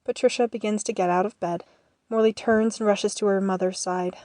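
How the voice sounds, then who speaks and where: Brief: woman reading stage directions, mid-pitched, dry and close. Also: steady tone, darkish tone, no room sound. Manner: measured, matter-of-fact. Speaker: narrator. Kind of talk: reading scene directions in an audio drama.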